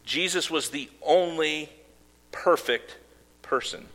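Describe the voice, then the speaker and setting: A man's voice: on the high side, slow, fairly bright tone. A man preaching a sermon as pastor, earnest, with casual asides and fillers. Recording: long hall reverb.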